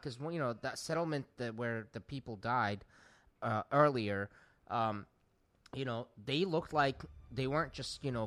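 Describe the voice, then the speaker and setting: A man co-hosting a casual podcast, riffing loudly and swearing freely. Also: mid-range voice, no echo. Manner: profane, rowdy, riffing. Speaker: podcast co-host. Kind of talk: casual chat.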